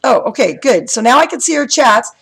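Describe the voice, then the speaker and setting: Excitable high-voiced woman with gravelly tone. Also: fairly quick, poor audio. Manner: excitable, chatty, asks lots of questions. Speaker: coloring channel host. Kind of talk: chatty live stream setup. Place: home room with bright lights.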